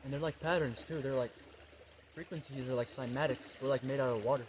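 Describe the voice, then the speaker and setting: A man in a parody spiritual vlog monologue, talking in laid-back bro slang with swearing and a slow, dreamy delivery. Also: medium pitch, fairly even intonation. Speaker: comedy creator. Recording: running water noise behind. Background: trickling, pouring water.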